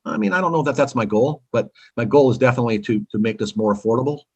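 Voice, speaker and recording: A man's voice: fast talker, husky, low-quality recording. A man from California, a company founder, giving eager, talkative answers in a casual interview. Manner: eager, talkative salesman pitch.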